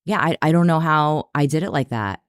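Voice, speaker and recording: Woman guest, lively storyteller; smooth, clear voice, dry close mic. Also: low-pitched, a little fast, no room sound. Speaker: psychotherapist guest. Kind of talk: casual storytelling interview.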